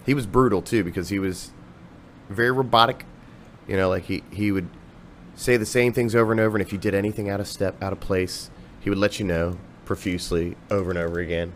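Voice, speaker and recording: A man's voice: low-pitched, fairly even intonation, fairly quick, slight background noise. A man from Ohio, a musician guesting on a podcast, telling rambling, profane stories in casual chat.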